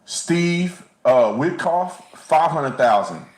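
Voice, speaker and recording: A man's voice: fairly high pitch, animated, slow, a little mellow, roomy sound, rough recording. A man co-hosting a casual commentary livestream, talking bluntly and animatedly, often stumbling and repeating words. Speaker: co-host.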